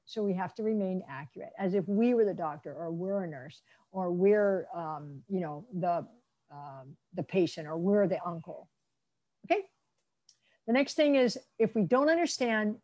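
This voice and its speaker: A middle-aged woman giving a lecture on interpreting, acting out the people she quotes in lively role-play. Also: mid-range voice, normal speed. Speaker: interpreter trainer. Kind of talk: lecture presentation.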